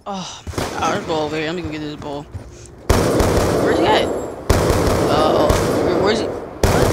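A young man commentating his own gameplay, excitable, yelping and shouting in panic and repeating words rapidly. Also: high-pitched. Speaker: gamer. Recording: noisy game audio behind.

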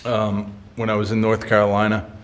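A man's voice: fairly low pitch, completely flat delivery, a little fast. A man filming himself alone in an empty house at night, nervous and breathless, swearing and calling out to spirits. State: sweating and dizzy. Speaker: paranormal investigator vlogger. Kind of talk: alone ghost-hunting vlog.

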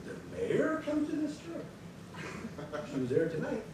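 A man's voice: extremely high pitch, unhurried, background noise. Chatty male pastor in echoey sanctuary. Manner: chatty, animated storytelling. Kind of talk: church announcements before a sermon. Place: church sanctuary. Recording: echoey sanctuary, distant mic.

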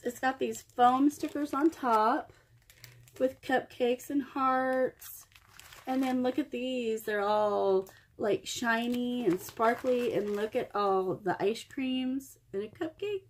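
A middle-aged woman from Oklahoma with a fairly high voice gushes over stickers and paper in an unboxing vlog, exclaiming and thanking over and over. Paper crinkles faintly behind her. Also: slight background noise. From Oklahoma, USA. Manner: gushing, effusive, exclaims often. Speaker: crafting vlogger. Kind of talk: happy mail unboxing vlog.

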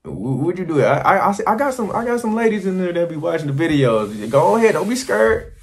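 A man vlogging to camera, telling crude, rambling stories in an animated, casual way. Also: high-pitched, a little fast. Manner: animated, crude and rambling, slipping into quoted voices. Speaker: travel vlogger.

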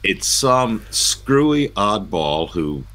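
A man's voice: fairly low pitch, sing-song, extremely slow, fairly bright tone. A man co-hosting a news talk show, chatting casually with wry quips. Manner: wry, quip-prone commentary. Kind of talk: casual chat.

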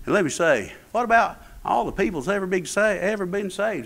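A man's voice: high voice, expressive, a little fast, creaky, fairly bright tone. A man preaching a sermon in an emphatic, rising and falling cadence. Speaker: pastor. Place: church.

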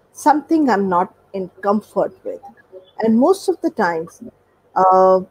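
Lady doctor talking it through, bit breathy, middle pitch, does little voices for her examples. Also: mellow, rough recording. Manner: explanatory, acts out examples with quoted voices. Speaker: guest expert, doctor. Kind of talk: conversational explanation.

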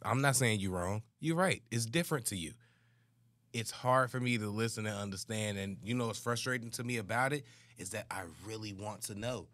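A man's voice: on the low side, a little fast, a bit bright, dry recording. A man with an American accent, co-hosting a casual podcast, talking earnestly and candidly and admitting he is picky about clarity. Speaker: podcast co-host reacting to music. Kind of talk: casual reaction chat.

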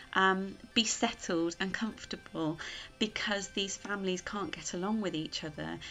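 A woman's voice: mid-range voice, fairly bright tone. Patient English woman teaching a lesson. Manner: patient, explaining step by step with fillers. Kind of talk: recorded classroom lesson.

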